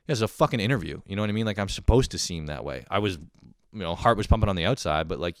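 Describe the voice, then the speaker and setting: Young male podcast host, low and smooth, dry close sound, profane self-mocking rants. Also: dry recording. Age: young adult. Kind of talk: casual comedic monologue.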